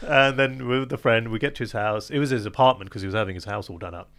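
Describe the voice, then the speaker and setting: Fast-talking animated male storyteller. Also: mid-range voice. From London. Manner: animated, acts out quoted dialogue, laughs often. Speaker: magician guest. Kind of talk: casual storytelling in an interview.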